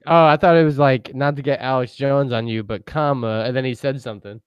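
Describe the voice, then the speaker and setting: A man's voice: medium pitch, steady tone, a little fast, smooth, no room sound, lo-fi sound. A man co-hosting a podcast in casual chat, easygoing and slangy, laughing a lot. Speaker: podcast co-host.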